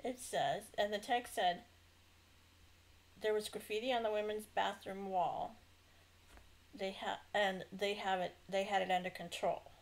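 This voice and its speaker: A woman's voice: mid-range voice, steady tone, a little slow, pauses often, poor audio. A middle-aged woman from Northern California recounting a dream in a casual, rambling testimony, full of fillers and self-corrections.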